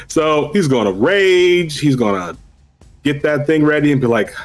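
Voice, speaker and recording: A man at a tabletop game, playfully insisting on his character's moves. His pitch swings widely as he talks. He sounds eager and emphatic. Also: lively intonation, unhurried, soft background music. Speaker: player. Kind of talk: casual tabletop game chat.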